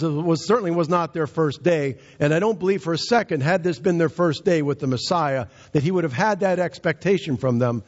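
A man's voice: fairly high pitch, darkish tone, dull audio. A man preaching a sermon with emphatic, rising and falling delivery.

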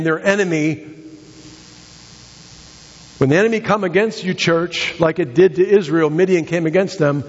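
An American pastor preaches with emphatic repetitions, his voice husky and fairly high. The sound is dull and lo-fi. A long hall reverb trails his words through the church. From United States. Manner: emphatic preaching with repetitions and sudden pitch swings. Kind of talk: sermon. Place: church sanctuary.

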